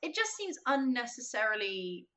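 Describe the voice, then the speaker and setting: A woman's voice: on the high side, normal speed. A woman guest on a podcast telling a story in casual chat, acting out the quotes and saying "like" a lot. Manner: animated, acts out quotes, frequent "like". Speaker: podcast guest, games writer.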